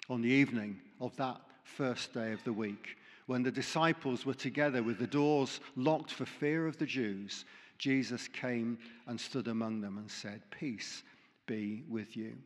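A man's voice: medium pitch, normal speed. Pastor guy preaching, reads the bible out with lots of drama, echoey church sound. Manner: reads scripture aloud with dramatic emphasis and light asides. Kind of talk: sermon with scripture reading.

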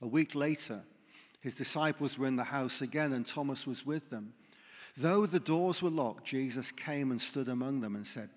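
A man's voice: medium pitch, moderate pace, in a large hall. A man preaching a sermon, reading scripture aloud with dramatic emphasis and dropping in light asides. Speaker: pastor.

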